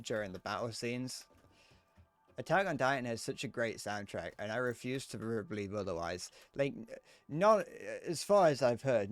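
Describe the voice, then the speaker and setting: A man's voice: mid-range voice, no echo. A man in his twenties chatting casually to viewers while playing a game live, joking and swearing as he goes. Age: 20s. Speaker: streamer.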